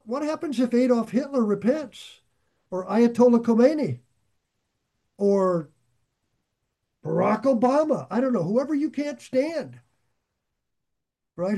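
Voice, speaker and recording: A man preaching a sermon in an earnest, conversational way, with sarcastic asides and sudden swings between loud emphasis and quiet drops. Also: very high-pitched, sing-song, unhurried, pauses often. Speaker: pastor.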